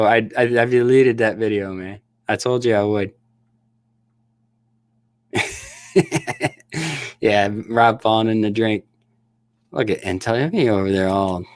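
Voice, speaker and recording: A man's voice: fairly low pitch, dry recording, studio quality. A middle-aged man from Michigan's Upper Peninsula chatting casually with viewers on his livestream, laughing often and restarting his sentences. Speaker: livestream host and snake breeder.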